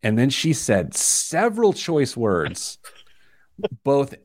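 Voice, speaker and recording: A man hosting a radio money show, telling stories in a lively, self-deprecating way. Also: medium pitch, slow, no room sound, studio quality. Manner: animated, self-deprecating storyteller. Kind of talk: casual chat, storytelling.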